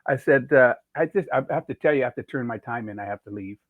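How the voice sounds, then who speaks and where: A middle-aged chef from California tells his career story casually, slipping into the voices of people he quotes. His voice sits at an ordinary pitch. It comes through a thin, phone-like line with no room echo. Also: fast. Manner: rambling anecdotes with quoted dialogue. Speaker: chef, podcast guest. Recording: tinny phone-like dry sound.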